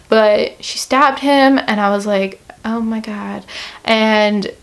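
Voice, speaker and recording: A young woman giving a casual book review vlog, chatty and expressive, swearing freely and saying "like" a lot. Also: fairly high pitch.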